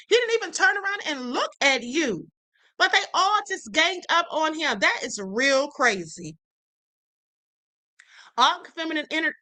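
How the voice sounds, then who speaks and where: A woman's voice: high-pitched, pushed and bright. A woman hosting a livestream, giving outspoken casual commentary on clips and reading viewer comments aloud. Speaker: livestream host.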